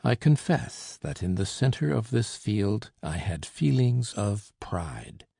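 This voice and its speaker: A man reading a classic novel aloud as an audiobook narrator, measured and slowing down for emphasis. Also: on the low side, big pitch swings, vocal fry, slightly rough, no room sound, clean studio sound. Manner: measured, slows for emphasis, lifts for quoted shouts. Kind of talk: scripted narration.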